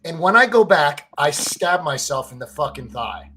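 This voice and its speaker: A man co-hosting a casual sports podcast, telling stories in an animated way, swearing freely and saying "like" and "right?" a lot. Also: fairly high pitch, moderate pace, a little hiss or hum. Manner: excitable, fan-to-fan talk addressing listeners as family. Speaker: podcast co-host.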